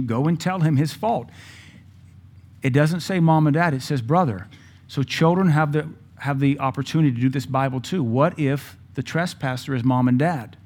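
A man's voice: a little high, darkish tone. A man preaching a sermon, telling a personal story in a conversational way and quoting scripture in old English. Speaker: pastor.

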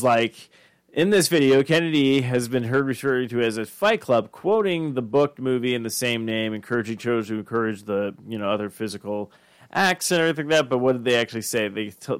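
A man's voice: medium pitch, clean tone, no echo. A man in his thirties from Arizona, co-hosting a podcast with loose, profane storytelling. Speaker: podcast co-host. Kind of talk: casual chat.

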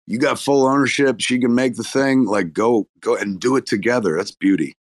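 A man's voice: mid-range voice, normal speed, no room sound. A man chatting casually as a guest on a live online audio room, effusive and profane, talking in bursts with restarts. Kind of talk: casual chat.

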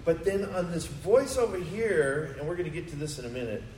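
In a roomy, echoing church sanctuary, a high-pitched male pastor preaches an emphatic sermon, pressing the congregation with rhetorical questions. He sounds animated, a little fast and darkish in tone, captured from some distance over a faint ambient hum.

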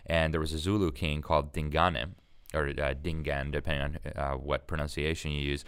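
A man with a very deep, smooth voice speaks as an interview guest. He explains history emphatically and at length, stopping and restarting often with fillers along the way. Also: flat delivery, brisk, a bit bright. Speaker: interview guest, magazine editor. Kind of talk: conversational interview.

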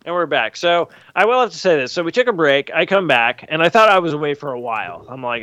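A man's voice: fairly high pitch, fast, hardly any pauses, clear, resonant tone, dry recording. A man hosting a long-running podcast, telling stories and acting out what people said. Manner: animated storyteller who acts out quotes. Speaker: podcast co-host. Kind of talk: casual chat.

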